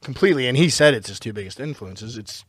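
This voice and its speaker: A man from North Carolina co-hosting a podcast, telling wrestling stories with quick jokes. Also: medium pitch, lively intonation, a bit bright, slightly rough, dry recording, clean studio sound. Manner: joking storyteller, quick quips. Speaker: podcast co-host. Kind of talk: casual wrestling podcast chat.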